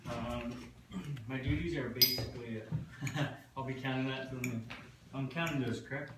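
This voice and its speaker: A man's voice: medium pitch, fairly even intonation, measured pace, very noisy. A man explains his grammarian duties at a meeting, hesitant and self-deprecating. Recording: echoey room from far off with clatter.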